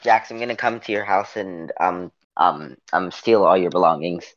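A man's voice: low voice, moderate pace, a bit bright, no echo, muffled recording. A man joking over voice chat while playing a drawing game, stammering and mock-dramatic. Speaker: guest player.

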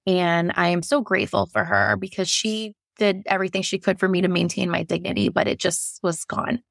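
A woman's voice: on the low side, little pitch movement, a little fast, creaky, a bit bright, no room sound, studio quality. A woman guest frankly telling a painful personal story, emotional and laughing through hard moments. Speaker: guest sharing her birth story.

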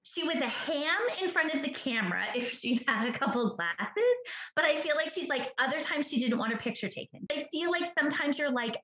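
A woman's voice: high voice, animated, a little fast, a bit bright, echoey room, poor audio. A woman from British Columbia, giving a chatty psychic reading over a video call, full of "like" and "do you understand that?". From British Columbia, Canada. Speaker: psychic medium.

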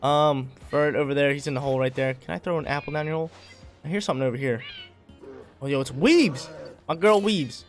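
A man's voice: fairly high pitch, brisk, faint music behind. A man giving casual, hyped gameplay commentary, talking in slang and laughing often.

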